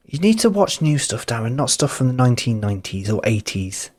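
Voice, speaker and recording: A man's voice: medium pitch, a little mellow. A man co-hosting a podcast in a casual chat, teasing his friend and mimicking other people's voices for laughs. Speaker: podcast co-host.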